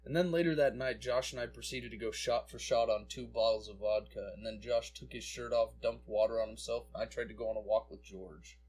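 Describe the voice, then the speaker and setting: A man's voice: medium pitch, steady tone, brisk, hardly any pauses, darkish tone, a little hiss or hum. A young man co-hosting a podcast, joking and bantering in casual chat. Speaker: podcast co-host.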